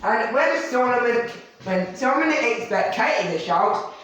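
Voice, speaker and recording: A man's voice: very high voice, lively intonation, unhurried, a bit bright, lo-fi sound. A man animatedly telling a rambling story about himself in the third person, filmed by someone else. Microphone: camera filmed by someone else. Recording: very echoey room, mic far off.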